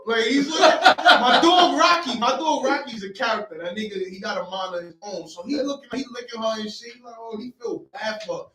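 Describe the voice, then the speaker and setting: A man telling an animated, swear-heavy story on a podcast and acting out the voices of the people in it. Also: extremely high pitch, a little fast, hardly any pauses, crowd noise. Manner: swears freely, acts out quoted voices. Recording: echoey room, mic a bit far, light noise.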